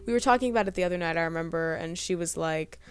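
A woman's voice: fairly low pitch, very fast, soft background music. A young woman hosting a podcast, telling a personal story in a rambling, hesitant way, full of fillers. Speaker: podcast host.

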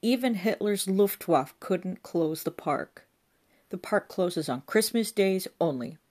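Ranger, male, older, gruff and stubborn, voiced by a female narrator, low, clipped delivery. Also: lively intonation, takes it slowly, a little mellow. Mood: blunt. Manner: blunt, curt replies.

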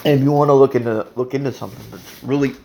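Casting: male podcast host, gravelly fry, mid-pitched, crude, rambling, laughs a lot. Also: fairly even intonation, racing, noisy background. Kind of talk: casual solo podcast monologue.

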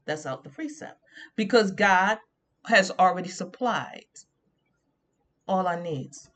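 A woman's voice: on the low side, slow pace, a bit bright. A woman preaching an informal sermon on a radio show, drawing words out and humming in agreement with herself.

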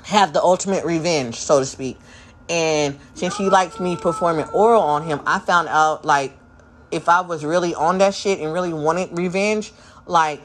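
A woman's voice: low-pitched, normal speed, a little hiss or hum. Profane, confrontational woman podcaster. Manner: mocks others in quoted voices. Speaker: podcast host. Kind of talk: angry unscripted monologue.

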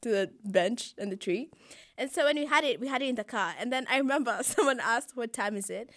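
High-voiced young woman telling a story. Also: fairly quick, no room sound, clean studio sound. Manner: animated storytelling, laughs often, acts out quoted voices. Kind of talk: casual chat.

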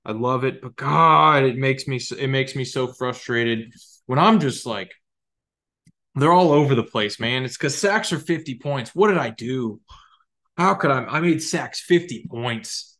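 A man's voice: medium pitch, measured pace. Young guy ranting about his fantasy football team, swears a lot, jokey and all over the place, regular mid voice. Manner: rambling, excitable, profane, jokey. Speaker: podcast host. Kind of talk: casual solo fantasy football talk.

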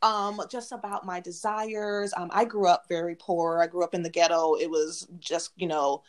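A woman in her forties, a guest sharing personal spiritual reflections in an earnest, reflective way, often pausing and restarting mid-phrase. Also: fairly low pitch, level tone. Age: 40s. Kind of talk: heartfelt personal sharing on a podcast.

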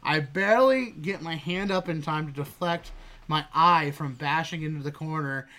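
A man's voice: a little high, normal speed, bright, forceful tone. A young man casually telling a funny work story as a podcast co-host, laughing and swearing freely.

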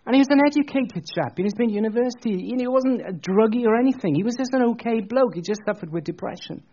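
A man preaching a sermon, telling a story in an animated, chatty way with jokey asides. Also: extremely high pitch, fast talker, highs cut off.

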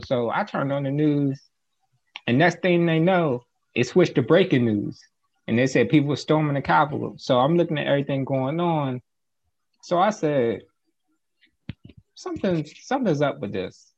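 A man co-hosting a casual talk show who explains things step by step in a measured way. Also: a little high, animated. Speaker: podcast co-host. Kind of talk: casual commentary. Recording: slightly dull, muffled audio.

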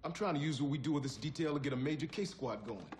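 A man's voice: a little high, fast, a little mellow, a little hiss or hum, lightly acted. An actor playing a middle-aged police detective who talks earnestly about his next case.

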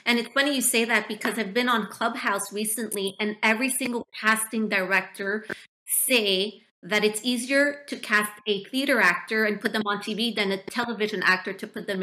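A woman interviewer asking questions casually, with quick encouraging affirmations. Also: fairly high pitch, sharp tone.

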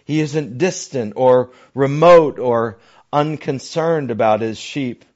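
Slow, deliberate preaching man. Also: mid-range voice, a little mellow. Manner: slow, deliberate preaching with dramatic drops to near-whispers. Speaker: pastor. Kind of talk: sermon. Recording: dull lo-fi recording.

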